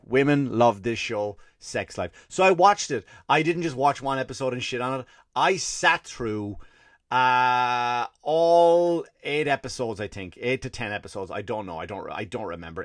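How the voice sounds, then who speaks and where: A man's voice: mid-range voice, fairly bright tone, no echo, studio quality. An Irish man hosting a comedy podcast, ranting sarcastically and swearing often. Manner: profane, exasperated, sarcastic. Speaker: podcast host. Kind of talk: comedic rant.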